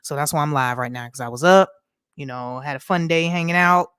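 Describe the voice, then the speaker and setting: A woman's voice: low voice, fairly quick, fairly bright tone, clean tone, no echo, studio quality. A woman from the United States hosting a casual live stream, chatting with viewers, greeting them by name and laughing often in an upbeat, slangy way.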